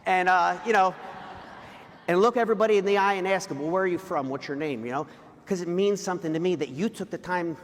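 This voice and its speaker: A middle-aged man speaks from a stage, his voice sitting high for a man. He talks emphatically and confessionally, often pushing up into shouts. His voice carries through the long reverb of a big event hall. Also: quick pace. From New Jersey. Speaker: motivational speaker. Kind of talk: live stage talk to an audience.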